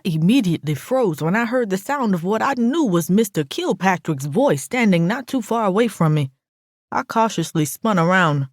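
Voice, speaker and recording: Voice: medium pitch, expressive, moderate pace, no room sound, clean studio sound. An audiobook narrator reading a first-person story in a brash, sassy, profane voice.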